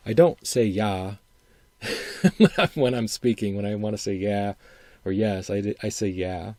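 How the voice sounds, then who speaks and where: A middle-aged man from Wisconsin talks through his solo podcast with a faint upper Midwestern lilt. His voice sits low and mellow, and it is recorded close and dry. He rambles, repeats himself and thinks out loud as he goes. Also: lively intonation, normal speed, no room sound. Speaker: podcast host. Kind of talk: casual solo podcast commentary.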